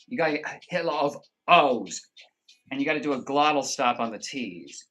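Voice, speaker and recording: A man's voice: medium pitch, brisk, bright, forceful tone. A man hosting a casual livestream, reading viewer comments aloud and answering with joking, profane banter. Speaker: live streamer.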